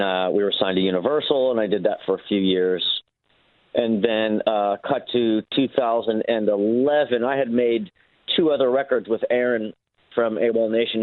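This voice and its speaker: A middle-aged man, a guest musician calling in to an interview, telling stories in a relaxed, rambling way. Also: lowish voice, normal speed, no room sound. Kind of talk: casual interview chat. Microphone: phone call. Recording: tinny phone line.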